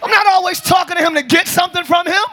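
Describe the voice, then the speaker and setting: A man preaching a lively sermon as pastor to a congregation, joking and calling out to them. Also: extremely high pitch, fast, some chatter behind, a little hiss or hum. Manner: shouting, joking, calls to the congregation. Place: large church with congregation.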